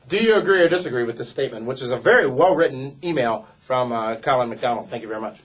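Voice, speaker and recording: A man's voice: mid-range voice, animated, quick pace, hardly any pauses. A man co-hosting a casual wrestling show, reading viewer emails aloud with playful emphasis. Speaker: co-host reading viewer mail. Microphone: desk mic.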